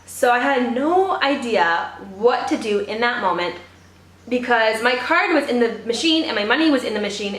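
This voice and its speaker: A woman's voice: a little high, a bit bright, reverberant. A young woman from Canada chatting casually as she does her makeup for a get-ready-with-me vlog, telling stories with lots of "like". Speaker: beauty vlogger.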